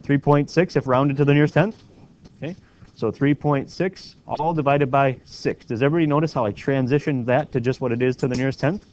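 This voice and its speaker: A man teaching a classroom math lesson, walking students through each step and often checking in with a quick question. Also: medium pitch, fairly even intonation, darkish tone. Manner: walks students through steps with frequent questioning "right?". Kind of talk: classroom lecture. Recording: dull lo-fi classroom recording with faint noise.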